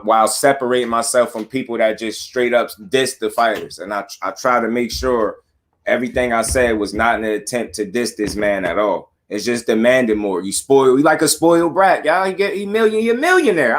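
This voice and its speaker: A man, hosting a live boxing stream. His voice sits at an everyday middle pitch. He talks in a loose, slangy, animated way, circling back on his points and calling out to his chat. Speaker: boxing talk show host.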